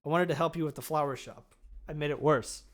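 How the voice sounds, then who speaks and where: A man reading a livestream script, voicing an earnest, excitable young male bee in a plain everyday voice. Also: fairly high pitch, brisk, lightly acted. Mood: remorseful. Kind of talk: script read aloud on a livestream.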